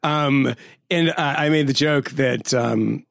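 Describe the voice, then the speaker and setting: A man's voice: mid-range voice, takes it slowly, creaky, dry recording, clean studio sound. A man hosting a casual podcast chat, wry and rambling, laughing often between his jokes. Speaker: podcast host.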